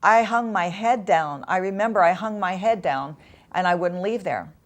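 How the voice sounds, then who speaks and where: A woman guest in an interview, telling a painful personal story in an emotional, halting way with long pauses. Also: fairly low pitch.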